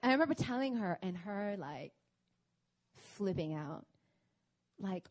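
A young woman preaching at a prayer meeting, telling a personal story in an animated, chatty way. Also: fairly low pitch, normal speed. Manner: animated, chatty storytelling with laughs and acted-out quotes. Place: church meeting hall in Korea.

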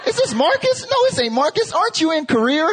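An old grandmother with a thick American Southern accent, high and squeaky, exclaiming in startled disbelief, as a man puts her on in a sermon. Her voice jumps well above the speaker's own. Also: sing-song, fast, fairly bright tone, some chatter behind, heavily acted.

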